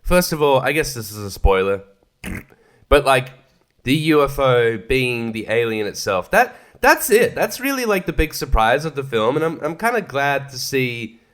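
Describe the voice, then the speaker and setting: A man's voice: medium pitch, big pitch swings, normal speed, a bit bright. A man hosting a casual film review podcast, rambling and sarcastic, swearing freely and laughing often. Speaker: podcast host reviewing films.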